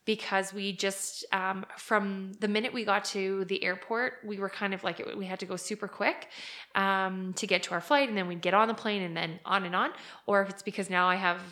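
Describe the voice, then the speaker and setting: Young woman, podcast co-host, bright clear tone, rambling casual chat. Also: mid-range voice, fairly even intonation, moderate pace. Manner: chatty, rambling with many fillers.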